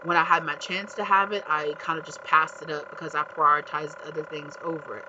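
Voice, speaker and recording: A man's voice: fairly high pitch, level tone, a little fast, few pauses, background noise. A man giving a casual tarot reading, rambling with lots of fillers and acting out quotes. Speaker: tarot reader. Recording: slightly dull lo-fi audio, faint background ambience.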